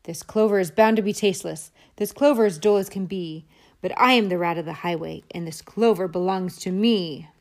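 A greedy, bullying rat highwayman bellows his demands in a boastful sing-song chant, as a woman reading a storybook puts him on. He sounds loud and pushy, set in a fairly low register. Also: fairly quick, natural voice.

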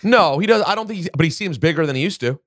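A podcast host with a fairly high, somewhat bright voice and lively intonation presses his arguments emphatically in a casual chat, quick to push back hard. The sound is dry and clean, studio quality.

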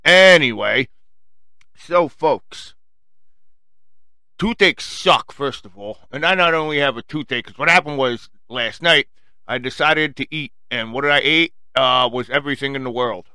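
A man's voice: mid-range voice, fairly quick, bright, forceful tone, smooth, dry recording. A man hosting a show, talking to his listeners in a chatty, rambling, self-amused monologue. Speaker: show host.

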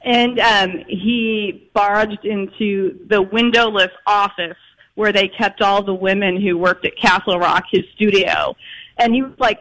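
A man from Chicago, a guest author in an interview, telling lively anecdotes with plenty of fillers. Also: high-pitched, measured pace, low-quality recording. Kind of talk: storytelling interview.

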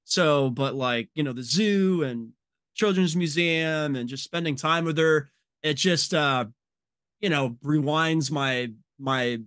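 A man's voice: on the high side, takes it slowly, a bit bright, dry recording, clean studio sound. A man in his forties, a podcast guest, chatting in a laid-back way and often saying man and dude. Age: 40s. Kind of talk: casual chat.

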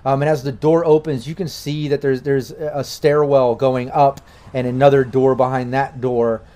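A man's voice: medium pitch, little pitch movement, moderate pace, mellow. Rambling male game master. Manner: casual, rambling with fillers. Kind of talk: narrating a tabletop game on a stream.

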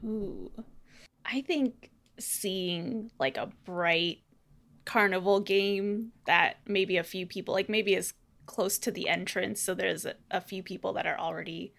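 A woman describes her character's moves in a tabletop game, laughing often as she talks. Her voice sits at a middle pitch and stays animated. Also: measured pace, creaky. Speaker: player. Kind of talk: casual tabletop role-play.

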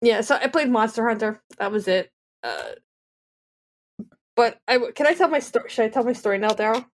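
A woman in her thirties on a casual podcast, telling a story with lively back-and-forth dialogue. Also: on the high side, brisk. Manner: animated storyteller, acts out both sides of dialogue. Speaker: podcast co-host.

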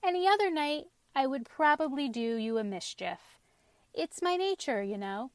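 A kindly storybook witch, mischievous by nature, confides in a fairly high voice, as a woman reader puts her on. The sound is close and dry. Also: lively intonation, moderate pace, no echo. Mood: confiding.

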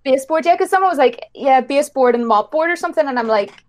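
A woman's voice: high-pitched, expressive, fast. A woman from Ireland with an Irish accent, chatting casually and laughing often. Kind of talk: casual chat.

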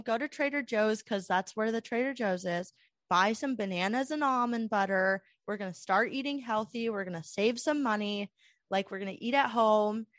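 A woman's voice: on the high side, no echo, clean studio sound. A young woman telling a long story in a casual, rambling chat full of "like" fillers. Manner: rambling, animated, many "like" fillers.

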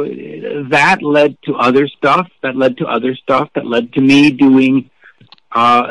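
Middle-aged male rock journalist; lively, profane, snarky storyteller; dry, close recording. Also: medium pitch, no room sound, poor audio. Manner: animated, profane, snarky anecdotes. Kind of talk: casual interview storytelling.

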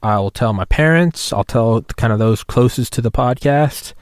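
A man's voice: medium pitch, a little slow, clean tone, no echo, studio quality. A man in his thirties hosting a solo podcast, rambling and profane and mocking himself as he talks. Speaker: podcast host.

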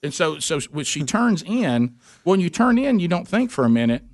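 A man's voice: moderate pace, no room sound, clean studio sound. A man hosting a radio show, telling a story and acting out the voices of his family. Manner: animated, acts out voices of family in his story, climbing in pitch.

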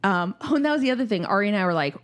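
A woman's voice: medium pitch, racing. A woman in her thirties telling a family story in casual podcast chat, swearing freely and acting out what people said. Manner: animated, swears freely, acts out quotes.

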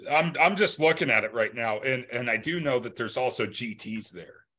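A man's voice: medium pitch, expressive, normal speed, pushed and bright. A young man hosting a podcast, chatting in an easygoing, joking way. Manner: easygoing, joking, loose phrasing. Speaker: podcast host. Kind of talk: casual chat.

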